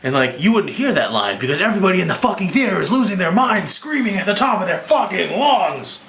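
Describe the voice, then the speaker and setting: A man's voice: high voice, fast, echoey room, a little hiss or hum. Tipsy rambling young man, swearing. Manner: rambling, profane, excitable. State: slightly drunk. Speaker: movie reviewer. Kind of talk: casual movie recap.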